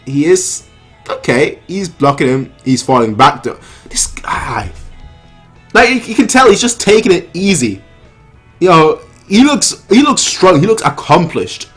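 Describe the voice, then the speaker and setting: A man hosting a manga reaction, reading panels aloud and commenting excitedly, often repeating himself. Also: measured pace, husky, faint music behind. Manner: excitable, repeats himself, reads dialogue in a lower voice.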